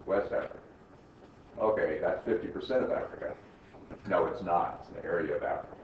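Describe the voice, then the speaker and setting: A man's voice: sits low, brisk. A man teaching accounting to a class, peppering students with "right?" questions and wry teasing jokes. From United States. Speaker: accounting instructor. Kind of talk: classroom lecture. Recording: echoey classroom from far off, muffled, faint hiss.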